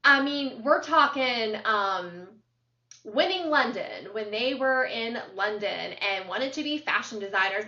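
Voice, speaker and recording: A woman co-hosting a podcast, chatting casually as an animated storyteller who fills her talk with ums and uhs. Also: on the high side, measured pace. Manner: animated storyteller, lots of fillers. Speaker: podcast co-host. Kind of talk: casual chat. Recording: roomy, distant, dull sound.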